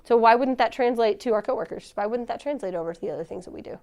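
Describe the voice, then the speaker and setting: A woman's voice: on the high side, rapid-fire, a little mellow. Chatty, laughing woman giving a church talk. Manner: chatty, laughs often, acts out quoted dialogue. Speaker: church speaker. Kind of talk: casual sermon talk.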